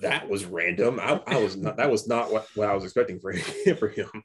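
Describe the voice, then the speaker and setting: A young man co-hosting a casual movie review chat, talking in halting bursts full of restarts and repeats. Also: fairly low pitch, slight background noise. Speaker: podcast co-host.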